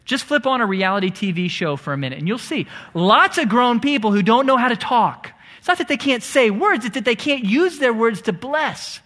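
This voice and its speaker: A man's voice: extremely high pitch, animated, moderate pace, few pauses, sharp tone. A married man preaching a sermon in church, emphatic, sometimes dropping to a near-whisper on key phrases. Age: adult, married. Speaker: pastor. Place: church sanctuary.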